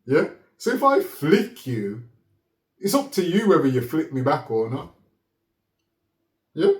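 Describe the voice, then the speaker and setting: Animated man in an echoey room. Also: on the high side, a little slow. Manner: animated, laughs often, keeps checking in with "yeah?". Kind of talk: casual conversational storytelling. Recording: roomy echo.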